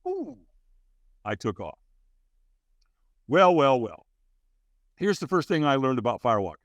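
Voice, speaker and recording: A man telling a personal story as a podcast guest, acting out the other people's lines with big leaps in pitch. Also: big pitch swings, moderate pace, fairly bright tone, no echo. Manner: acts out dialogue with big jumps in pitch. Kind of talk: animated storytelling.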